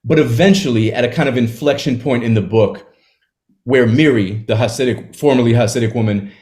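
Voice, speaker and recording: A man in an interview, talking casually about a book he wrote, retelling its scenes with quick asides. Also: medium pitch, darkish tone. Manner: conversational, retells scenes with quick acted quotes and laughs. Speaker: author discussing his novel.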